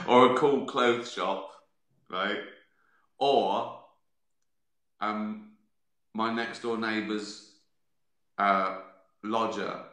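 A man rambles through viewer questions in a casual live stream, sardonic and freely swearing. His voice is bright and forceful. It echoes around a roomy space at home. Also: on the low side. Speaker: host answering viewer questions. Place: at home, sitting with a beer.

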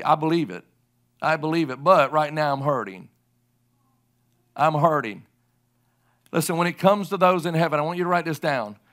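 Emphatic preaching man, higher-pitched voice. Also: fairly bright tone. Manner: emphatic, repeats key lines for the congregation. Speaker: pastor. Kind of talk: sermon.

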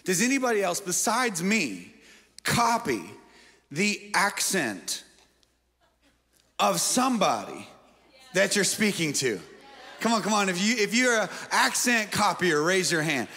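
A man's voice: sits high, very animated, a little slow, pauses often, sharp tone. A male pastor giving a sermon, joking and quizzing his congregation in a playful way. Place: large church auditorium. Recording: long church-hall reverb.

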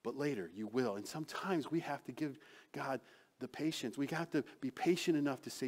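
A man preaching a sermon as pastor, acting out quoted lines with sudden swings from loud to soft. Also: mid-range voice, brisk.

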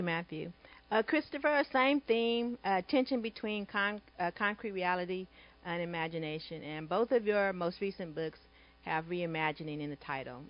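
Measured female panel moderator. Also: on the low side, dull audio. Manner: measured, with frequent "uh" fillers.

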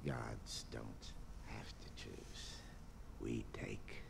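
An actor playing a menacing, gloating male villain in a film, speaking in a hushed, gravelly voice. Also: a bass voice, little pitch movement, very slow, full character voice. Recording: film audio with loud noise.

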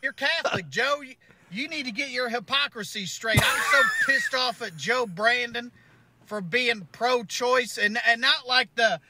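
A man's voice: extremely high pitch, measured pace, very noisy. A male comedian playing a smug, ranting male Catholic conservative in a sarcastic parody monologue. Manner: sarcastic, mocking rant with chuckles.

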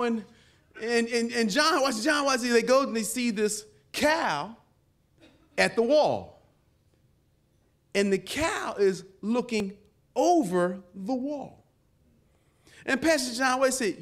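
High-voiced preacher shouting to a crowd. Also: male voice, expressive, unhurried. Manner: calls on the audience for responses, swings from low asides to shouts. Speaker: pastor. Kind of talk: lively sermon with call and response. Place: conference hall before a live audience.

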